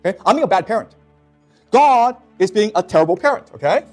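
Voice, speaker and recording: A man's voice: sits high, lively intonation, fast talker, a little mellow, soft background music. A man teaching a class in an emphatic way, often stopping to check that his students follow. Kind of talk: classroom lecture.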